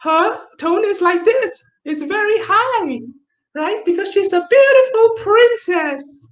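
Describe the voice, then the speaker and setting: A man voicing a dainty young princess in a high falsetto, as a storytelling demonstration. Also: animated, slow pace, a bit bright, reverberant, highs cut off, full character voice. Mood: sweet.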